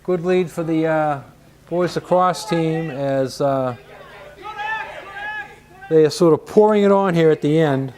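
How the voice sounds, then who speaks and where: Chatty high-voiced man commentator. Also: a little slow, pauses often, a little mellow, some chatter behind, a little hiss or hum. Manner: chatty, storytelling, repeats words when starting. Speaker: sports commentator. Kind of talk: casual booth chat between plays.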